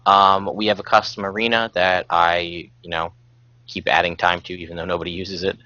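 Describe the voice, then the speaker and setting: A man hosting a casual podcast, talking in a relaxed, rambling way with plenty of fillers. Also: deep voice, moderate pace, no room sound, dull audio. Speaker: podcast host.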